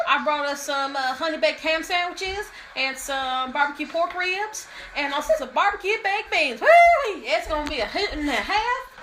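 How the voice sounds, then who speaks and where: A woman's voice: high-pitched, sing-song, moderate pace, noisy background, pitched above the performer's own voice. A woman voicing a rowdy, folksy cowgirl in a put-on Southern drawl, giggling as she goes. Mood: hearty, giggly.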